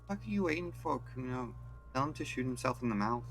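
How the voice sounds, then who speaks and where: A man voicing a cruel, foul-mouthed young boy in a video game, jeering and hurling crude insults in a pitched-up voice. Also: animated, fairly quick, faint music behind, close to an everyday voice. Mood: taunting.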